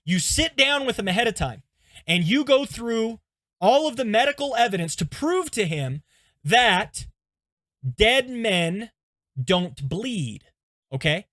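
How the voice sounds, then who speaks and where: A pastor teaching through stories in an animated, conversational way, often checking in with his listeners. His voice sits high for a man. The sound is dry and close, with no room echo. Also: slow. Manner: animated, conversational, frequent "okay?" check-ins. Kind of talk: teaching lesson with storytelling.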